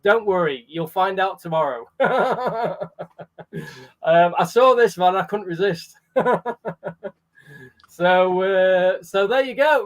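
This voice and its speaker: A man's voice: sits high, takes it slowly, long pauses. A man hosting a charity livestream in a casual, chatty way, greeting viewers by name. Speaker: livestream host.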